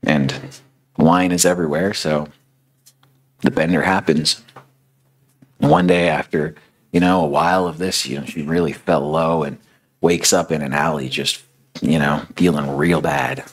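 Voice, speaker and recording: A young man preaching a sermon in a conversational storytelling way, filling his speech with "you know" and "like". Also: rumbling low.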